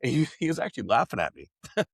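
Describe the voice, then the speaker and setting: A man's voice: medium pitch, huge pitch swings, racing, gravelly, husky, no room sound. A man speaking as a podcast guest, telling his story in an earnest, reflective way, with frequent "like" and "right?" in his casual speech.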